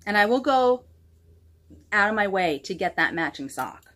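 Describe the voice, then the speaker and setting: A woman's voice: mid-range voice, big pitch swings, normal speed, fairly bright tone. Female knitting podcast host, casual and chatty, gushing, self-deprecating. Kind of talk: casual show-and-tell chat.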